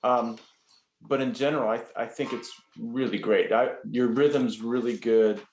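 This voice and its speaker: A man giving gentle feedback in a horn masterclass, stumbling over his words. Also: medium pitch, steady tone, moderate pace, roomy sound. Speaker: horn teacher.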